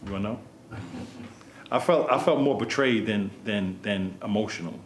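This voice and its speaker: A man's voice: fairly low pitch, moderate pace, echoey room, a little hiss or hum. A man hosting a casual podcast, telling stories animatedly and swearing freely. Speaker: podcast host. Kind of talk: casual storytelling chat.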